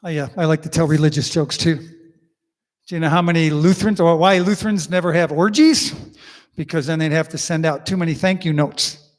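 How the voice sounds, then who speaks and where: A man's voice: fairly high pitch, brisk. An older man hosting a living room concert from his home, chatting and telling jokes between songs in a folksy way. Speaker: musician and host of an online living room concert. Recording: long reverb with banjo music behind.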